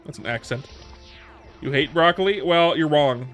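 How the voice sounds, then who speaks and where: A man in his thirties with a fairly high voice, chatting casually with his livestream viewers. He rambles through his answers, restarting sentences and repeating words, with faint music playing underneath. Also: moderate pace, a bit bright. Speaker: streamer.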